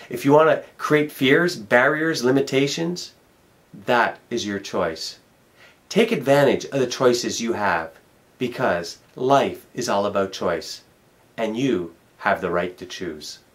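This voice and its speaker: A man's voice: mid-range voice, lively intonation, a little slow. A middle-aged man, a motivational speaker, giving an emphatic self-help talk and repeating key words for effect. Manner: storytelling.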